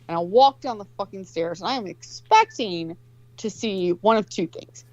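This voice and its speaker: A woman's voice: medium pitch, lively intonation, normal speed, a little mellow, dry recording. Woman, forties, profane rambling storyteller, dry close sound, slightly dull audio. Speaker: co-host telling a story. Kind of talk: casual chat.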